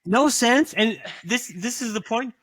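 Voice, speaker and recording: A man's voice: very high voice, a little slow, a bit bright, no room sound. A man co-hosting a casual podcast, agreeing often and repeating words as he goes. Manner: backchannels a lot, repeats words. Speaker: podcast co-host.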